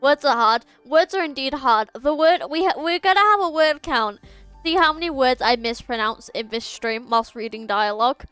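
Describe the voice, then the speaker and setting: A woman's voice: high-pitched, expressive, moderate pace, a bit bright, clean tone, dry recording. A young woman streaming a game, chatting casually, stumbling over long words and laughing at herself. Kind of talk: casual chat while reading game dialogue aloud. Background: faint game music.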